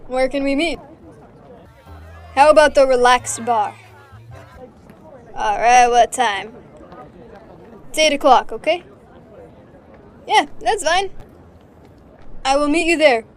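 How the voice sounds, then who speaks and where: A woman teaching English, reading short everyday dialogues aloud, taking both parts, in a clear, careful way for learners to repeat. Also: high voice, takes it slowly, pauses often, faint music behind, a faint crowd.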